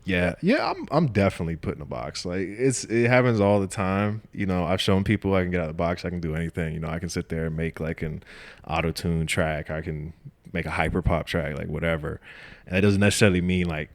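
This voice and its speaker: A man's voice: sits low, brisk. A young man from Atlanta, a rapper and producer, talking casually in an interview, laid-back and full of "like" and "you know". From Atlanta, Georgia. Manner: laid-back, heavy use of "like" and "you know", laughs often.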